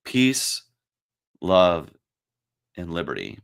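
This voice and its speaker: A man turning forty, hosting his own livestream and talking in a reflective, halting, emotional way, with many pauses and fillers. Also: low voice, huge pitch swings, creaky, clean tone. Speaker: livestream host. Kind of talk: casual livestream talk.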